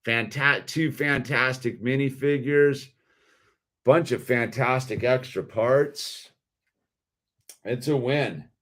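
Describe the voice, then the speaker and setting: A man's voice: medium pitch, takes it slowly, long pauses, a bit bright. A man hosting a toy-building video in a laid-back, slangy way, saying dude a lot. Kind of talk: casual commentary while building.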